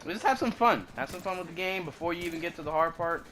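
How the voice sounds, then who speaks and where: A man's voice: a little high, fast, a bit bright, slight background noise. A man casually commenting over a video game walkthrough, laid-back and slangy, drifting into rambling asides. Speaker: gaming commentator.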